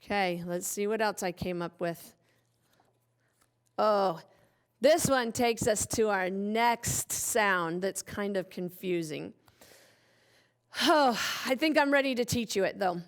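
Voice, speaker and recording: A woman teacher leads a playful phonics lesson for young children, stretching out words and speaking in an exaggerated, animated way. Her mid-range voice is smooth and slow, with frequent pauses.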